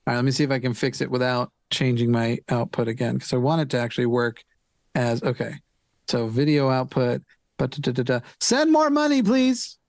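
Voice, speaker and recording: A man's voice: mid-range voice, level tone, a little fast, vocal fry, a little mellow, dry recording. A man joining a charity livestream as a guest, joking, teasing and thinking aloud while he fixes his stream settings. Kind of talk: casual livestream chat.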